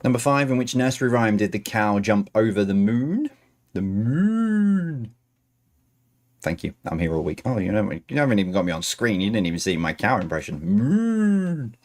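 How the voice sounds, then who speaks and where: Male quiz host, lowish voice, reads questions and cracks self-deprecating jokes. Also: fast talker, few pauses. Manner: chatty, self-mocking asides between questions. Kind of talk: reading quiz questions on a stream.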